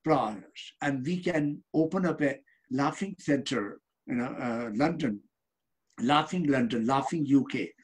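A man's voice: medium pitch, unhurried. A man speaking as a yogi guest, preaching uplifting ideas in simple broken English. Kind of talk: casual interview talk.

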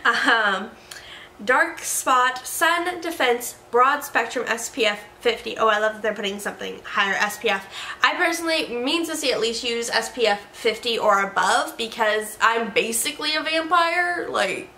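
Chatty bright-voiced woman in an echoey room. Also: a little high, lively intonation, moderate pace, a little hiss or hum. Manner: chatty and playful, with joking asides and self-corrections. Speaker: beauty product reviewer. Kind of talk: casual product review chat.

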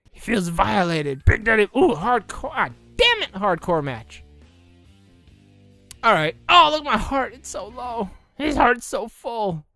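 A young man doing a jokey, excitable commentary over a video game, bursting into mock announcer shouts. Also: sits high, measured pace, dry recording, soft background music. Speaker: let's play gamer. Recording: dry close recording.

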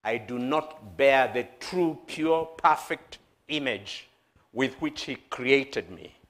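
A man preaching a sermon as pastor, with dramatic calls that rise loud and fall soft. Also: mid-range voice, animated, takes it slowly.

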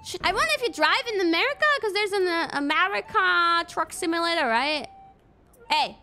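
A young woman from Europe streaming a driving game, excitable and swearing often, breaking into shouts. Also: extremely high pitch, normal speed. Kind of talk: live gameplay commentary. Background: game music.

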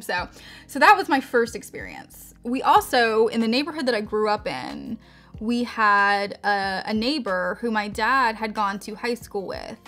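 A woman's voice: a little high, animated, moderate pace, sharp tone, faint music behind. Chatty young woman, rambling makeup vlog. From United States. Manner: chatty, rambling, many fillers and restarts. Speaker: beauty vlogger. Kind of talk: casual storytelling while doing makeup.

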